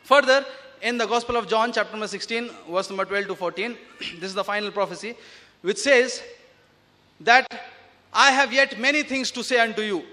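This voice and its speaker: High-voiced man preaching in an echoing hall. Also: bright, forceful tone. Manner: emphatic, slows down to recite scripture; asks the audience rhetorical questions. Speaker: speaker at an Islamic awareness event. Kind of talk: public lecture preaching. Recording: long reverb of a hall.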